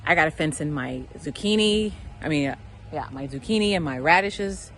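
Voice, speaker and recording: A woman's voice: deep voice, lively intonation, normal speed, a little hiss or hum, low-quality recording. A woman with a Southern American accent vlogging in her outdoor garden, talking straight to the critters and airing her frustration. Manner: exasperated, talks to garden critters. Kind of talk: casual garden vlog.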